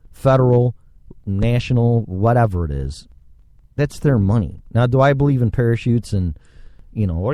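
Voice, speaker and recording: A man's voice: mid-range voice, dark tone, dry recording. A man hosting a solo podcast, ranting sarcastically and swearing freely into a microphone. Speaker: podcast host. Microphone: studio microphone.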